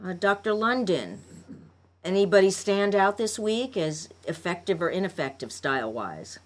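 A woman's voice: fairly low pitch, animated, normal speed. A woman hosting a radio talk show, prompting her guests with questions. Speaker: host.

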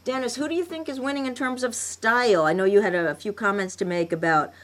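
A woman's voice: on the high side, steady tone, fast talker. A woman hosting a radio talk show, prompting her guests with questions. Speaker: host.

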